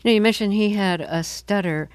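An interview host asking calm, well-prepared questions on a radio interview. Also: medium pitch, fairly quick, clean tone, no echo.

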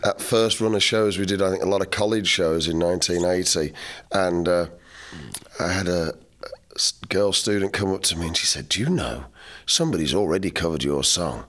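A man's voice: low voice, steady tone, moderate pace, fairly bright tone. A man, a musician guest telling wry, laughing anecdotes in an interview. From English Midlands. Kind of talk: storytelling interview chat.

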